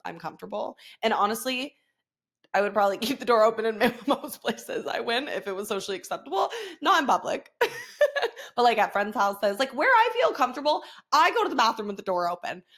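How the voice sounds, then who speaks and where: A woman's voice: a little high, very animated, fairly quick, fairly bright tone. A woman in her thirties hosting a podcast, chatting frankly with frequent swearing and laughter. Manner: frank, profane, laughs often. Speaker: podcast host. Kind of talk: casual confessional chat.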